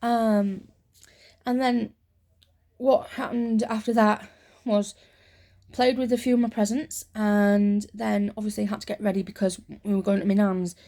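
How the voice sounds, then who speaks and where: Soft-spoken woman with vocal fry. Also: mid-range voice, level tone, a little slow. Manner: soft, rambling storytelling. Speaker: ASMR creator. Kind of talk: soft-spoken ASMR chat.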